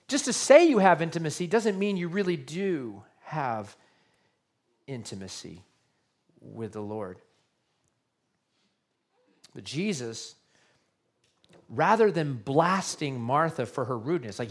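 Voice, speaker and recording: A man's voice: fairly high pitch, very animated, measured pace, pauses often. A male pastor giving a sermon, earnest and repetitive, often checking in with his listeners by asking questions.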